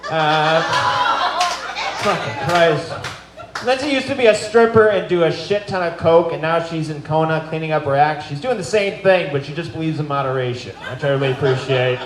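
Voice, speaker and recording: High-voiced profane man roasting in a bar. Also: moderate pace. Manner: profane, rambling, laughing at his own jokes. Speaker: roast guest of honor. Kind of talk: live stand-up roast. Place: bar with a live audience. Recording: echoey bar room, loud background noise.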